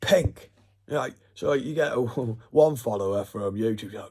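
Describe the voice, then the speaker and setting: A man's voice: medium pitch, normal speed, darkish tone. A man giving a rambling, profane monologue. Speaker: vlogger.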